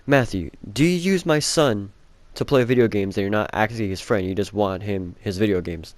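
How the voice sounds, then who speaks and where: A man's voice: on the low side, fairly quick, no echo, lightly acted. A young man voicing a suspicious, rude middle-aged father who speaks in a curt, accusing way.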